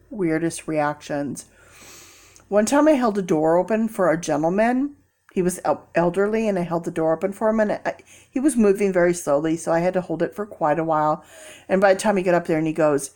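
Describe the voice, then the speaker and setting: A woman vlogging in a casual, animated storytelling way, acting out people in quoted voices and laughing often. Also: on the low side, fairly quick.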